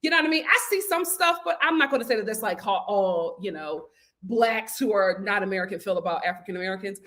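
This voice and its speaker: A woman's voice: mid-range voice, fast talker. A young woman hosting a casual live stream, reading viewer comments aloud and chatting back with frequent laughs and restarts. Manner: chatty and animated, laughs often, stammers and restarts.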